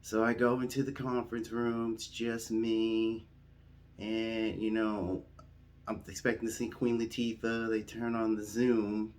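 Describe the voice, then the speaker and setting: Guy with a lowish voice telling a rambling comic story, casual. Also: little pitch movement, a little slow, a little mellow. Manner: casual, rambling, acts out dialogue. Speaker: comedian. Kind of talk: comedic storytelling.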